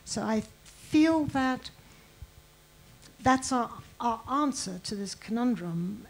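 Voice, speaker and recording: A woman's voice: fairly high pitch, expressive, slow pace, low-quality recording. A woman historian speaking in a conversational public talk, thoughtful and a little hesitant, with occasional restarts. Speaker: guest historian.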